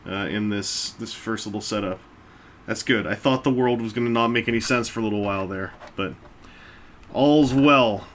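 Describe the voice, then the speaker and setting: A man's voice: mid-range voice, fairly bright tone, a little hiss or hum. A man casually chatting while he builds a brick set, rambling along with self-mocking jokes and asides. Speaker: toy-building video host. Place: indoors at a table.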